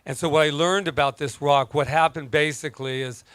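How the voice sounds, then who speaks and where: A man preaching a casual sermon as pastor, telling stories in an animated, joking way. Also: fairly high pitch, a little fast, clear, resonant tone, dry recording. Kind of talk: conversational sermon.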